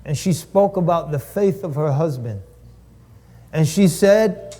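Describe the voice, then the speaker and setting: A man's voice: a little high, a little slow, pauses often, warm tone. A man giving a preaching lecture at a live-streamed event, building rhetorical lists and repeating phrases for emphasis.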